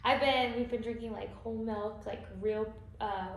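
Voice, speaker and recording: A woman's voice: a little high, fairly even intonation, moderate pace, creaky, distant mic. Chatty young woman, off-mic and echoey. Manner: upbeat, prodding interviewer, chatty. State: tired, yawning. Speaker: host. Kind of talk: casual chat. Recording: echoey room, off-mic, faint noise.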